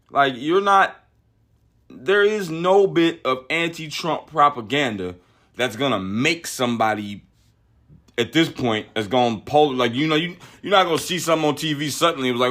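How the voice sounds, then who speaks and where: Male podcast host, mid pitch, ranting and profane, trips over his words. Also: expressive, moderate pace, a bit bright. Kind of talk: opinionated political commentary.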